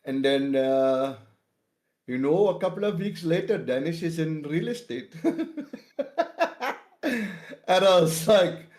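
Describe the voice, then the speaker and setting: A man's voice: on the high side, animated, slow, pauses often, a little mellow. A man streaming and chatting casually, laughing often as he tells stories.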